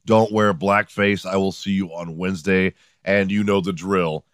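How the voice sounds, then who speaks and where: Middle-aged male podcast host, low voice, dry close sound, sarcastic profane storyteller. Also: steady tone, normal speed, no echo. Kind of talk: casual comedic monologue. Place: home room.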